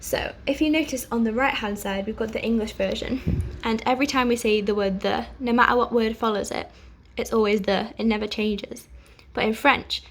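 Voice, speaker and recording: A young woman leads an online language lesson in a patient, steady way. She speaks in a slightly higher voice and pauses often so listeners can repeat after her. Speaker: French teacher.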